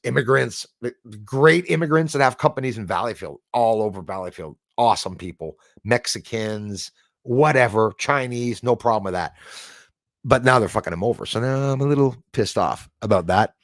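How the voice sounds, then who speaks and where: A middle-aged man hosting a casual live stream, excitable, thanking viewers by name and swearing when angry. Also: medium pitch, normal speed, no echo, studio quality.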